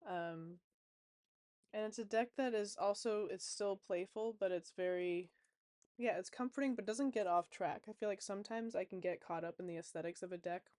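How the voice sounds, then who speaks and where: A woman's voice: medium pitch, normal speed, darkish tone, no room sound, clean studio sound. A woman in a casual vlog as a tarot reader, chatty and rambling with many fillers.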